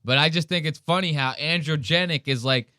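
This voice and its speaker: Young podcast dude, crude slangy jokes, smooth voice, dry sound. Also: male voice, fairly high pitch, fairly quick, bright, forceful tone, dry recording. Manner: crude, joking, full of slang. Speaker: podcast host. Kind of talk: casual commentary on a video.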